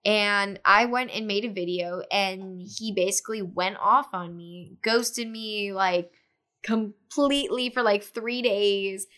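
A woman's voice: mid-range voice, slow. A young woman as a podcast guest, telling a story in casual chat, full of "like" fillers and acting out what people said. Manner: animated retelling with many "like" fillers, acting out quotes.

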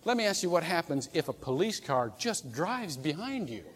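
Man, pastor, high lively voice, humorous sermon, long church reverb. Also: normal speed. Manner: animated and humorous, acting out quoted voices. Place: church sanctuary.

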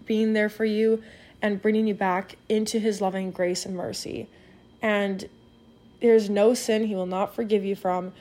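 A woman's voice: medium pitch, dark tone. A woman giving a spoken devotional, retelling a parable in an earnest, encouraging way and speaking straight to the listener.

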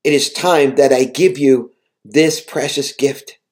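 A man voicing a gentle, welcoming male Jesus in a devotional reading, speaking warmly and encouragingly. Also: mid-range voice, steady tone, slow, lightly acted. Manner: warm and encouraging.

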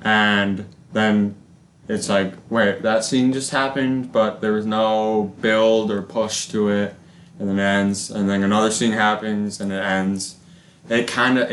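A young man co-hosting a casual film podcast, animated and mocking, often slipping into exaggerated high voices to parody characters. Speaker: podcast co-host. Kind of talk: casual film review chat. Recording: echoey room with faint ambient noise.

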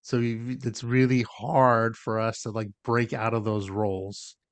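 A man's voice: mid-range voice, level tone, unhurried, no echo. A man co-hosting a podcast, explaining ideas in casual conversation and often checking in with "right?". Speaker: podcast co-host.

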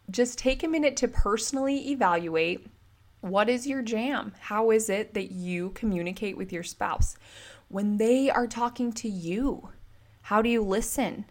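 A woman in her thirties talks straight to her listeners in a casual solo podcast. She tells stories in a chatty, animated way, with many "like"s, and her voice sits at a middle pitch. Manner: chatty, animated storytelling with frequent "like". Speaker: podcast host and relationship coach.

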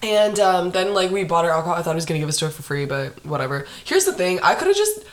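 A young woman tells a story on a casual podcast, her voice sitting a little low for a woman. She talks animatedly, laughs often, leans heavily on "like" and swears freely. The room gives her voice a noticeable echo. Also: sing-song, quick pace. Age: young adult. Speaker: podcast host. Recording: echoey room.

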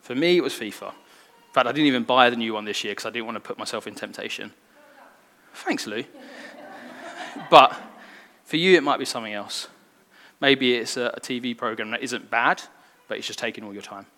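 A man's voice: medium pitch, a little fast, long pauses, bright, forceful tone. A man preaching a sermon in an earnest, conversational way that draws in the congregation. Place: church hall. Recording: long reverb in a hall.

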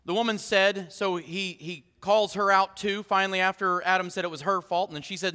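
A man pastor delivers a lively sermon and teases his congregation. His voice is high and bright. The church hall adds a long reverb. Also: fairly quick, hardly any pauses, smooth. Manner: lively, joking with the congregation, repeats words.

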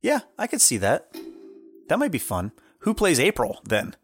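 A young man chats excitably on a podcast, his pitch leaping up and down as he talks. The sound is dry and close, with no room around it, and he laughs easily between thoughts. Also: normal speed, slightly rough, no echo, soft background music. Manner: loose, excitable, laughs often. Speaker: podcast co-host. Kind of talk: casual chat.

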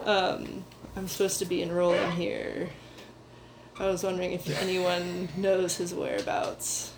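A woman's voice: on the low side, completely flat delivery, measured pace, noisy background, close to an everyday voice. Over-polite young mercenary faking refinement, plain everyday voice, as a woman plays him. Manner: lighter, more refined, overly polite. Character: young male mercenary posing as a polite student.

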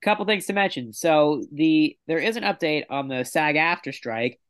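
A man's voice: a little high, expressive, normal speed, fairly bright tone, clear, resonant tone. A man co-hosting a casual podcast, ranting in an exasperated way. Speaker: podcast co-host.

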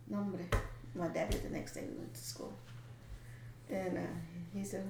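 A woman with a Texan accent, Spanish her first tongue, swaps stories in easy conversation and laughs along the way. Her voice has a gravelly rasp. The room rings around her, with a faint hum behind. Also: medium pitch, expressive, normal speed, roomy sound. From Texas. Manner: chatty, laughs while telling stories. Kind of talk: casual storytelling.

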